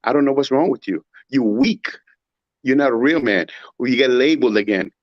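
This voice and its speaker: A man's voice: medium pitch, brisk, no echo. Man ranting emphatically, muffled dry audio. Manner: emphatic, rhetorical, mimics others in raised voice. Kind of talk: opinionated casual talk.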